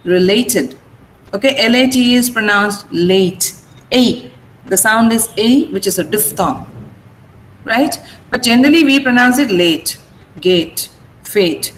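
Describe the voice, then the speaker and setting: Patient Indian English teacher, echoey room. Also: female voice, a little high. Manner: slow, deliberate, repeats words for pronunciation drills. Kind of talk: online class teaching. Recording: echoey room with faint noise.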